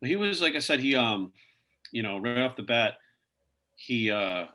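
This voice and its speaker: A man's voice: medium pitch, expressive, moderate pace, bright, forceful tone. A man as a podcast guest, telling rambling anecdotes in casual interview talk, full of "like" and "you know".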